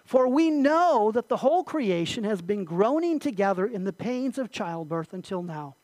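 A man preaching an earnest sermon as pastor, repeating key phrases and sometimes clearing his throat. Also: high voice, sing-song, normal speed, darkish tone, dry recording, low-quality recording.

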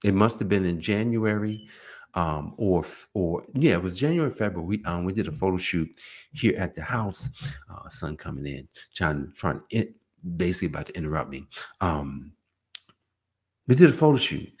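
A man's voice: deep voice, lively intonation, moderate pace, darkish tone, breathy edge. A man hosting a podcast, giving an emphatic motivational talk in his own words, repeating key points and often restarting sentences. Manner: emphatic and repetitive, with frequent restarts; self-described emotional. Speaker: podcast host.

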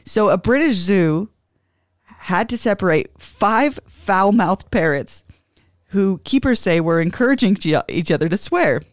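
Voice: mid-range voice, lively intonation, a little slow, no echo, clean studio sound. A podcast co-host chatting casually and reading out news stories. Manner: reads news items aloud, chatty. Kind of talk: casual chat.

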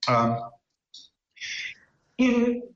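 Animated older man telling stories. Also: very high-pitched, drawn-out words, a little hiss or hum. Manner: animated, acts out quoted voices, many restarts. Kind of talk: casual anecdotal storytelling. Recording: echoey room, dull lo-fi call audio.

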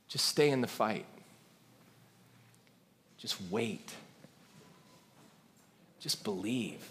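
A man's voice: medium pitch, fairly bright tone, long reverb tail. A man giving a sermon as a pastor, telling a story in a conversational way and asking the crowd questions.

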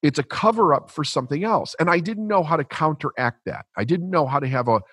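Blunt husky-voiced man telling a story. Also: on the high side, brisk, dry recording. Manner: blunt, profane, animated storytelling. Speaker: podcast guest. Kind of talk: storytelling in conversation.

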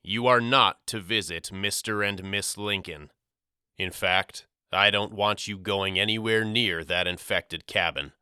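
A man's voice: fairly low pitch, measured pace, sharp tone, clean tone, no echo, clean studio sound. A man voicing a middle-aged father who stammers and mutters evasively in a storybook reading. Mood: awkward.

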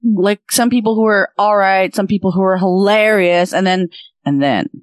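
A woman's voice: mid-range voice, normal speed, dry recording, clean studio sound. A young woman with a Canadian accent, co-hosting a podcast and retelling a story in a rambling, filler-heavy way. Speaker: podcast co-host. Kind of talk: casual chat, retelling a comedy bit.

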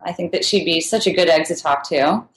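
A woman's voice: sits low, a little fast. A woman answering interview questions in a casual, chatty way, laughing often as she talks. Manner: chatty and giggly, with frequent laughs. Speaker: podcast guest, food writer. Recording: echoey room.

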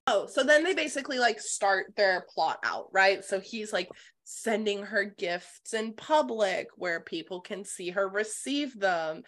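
A woman chats through a book's plot with a bright, forceful tone, in the middle of the pitch range. She retells scenes animatedly, swears freely and leans on "like" as a filler. This is casual podcast book-club talk. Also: lively intonation, unhurried. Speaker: podcast co-host.

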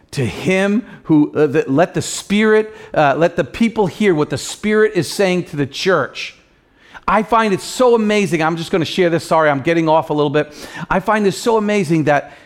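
High-voiced man preaching with passion. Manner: impassioned preaching, swings between loud pleading and soft low tones; earnest, direct appeals to the listener. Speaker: pastor. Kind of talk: sermon.

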